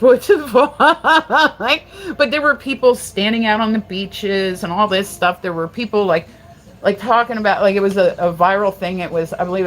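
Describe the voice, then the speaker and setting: A woman from Delaware chats on a casual livestream in a mid-pitched voice. She rambles, jumps between stories and swears freely. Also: low-quality recording. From Delaware, USA. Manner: profane, rambling, animated. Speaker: livestream host.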